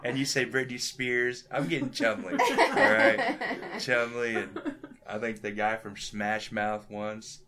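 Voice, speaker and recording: A man, a comedian, chatting casually and telling jokey, animated stories. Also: mid-range voice, slow pace, a loud crowd. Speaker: comedian host. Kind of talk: casual chat.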